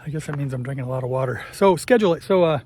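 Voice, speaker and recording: A man's voice: medium pitch, rapid-fire, darkish tone, a little hiss or hum. A man in his fifties chatting casually and swearing freely as he talks while cycling outdoors on a country road, at times out of breath. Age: 50s. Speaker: vlogger.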